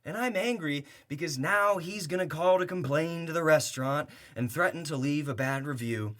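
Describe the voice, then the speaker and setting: A man's voice: a little high, normal speed, a bit bright. A young man performing rhyming spoken-word poetry with a sarcastic, heated edge and bursts of laughter.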